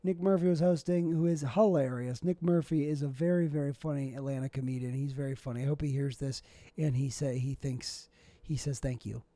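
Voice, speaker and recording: A man's voice: medium pitch, steady tone, fairly quick, warm tone, no echo. A young man, a stand-up comic, hosting a solo podcast in a rambling, self-deprecating way. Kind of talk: casual solo podcast monologue.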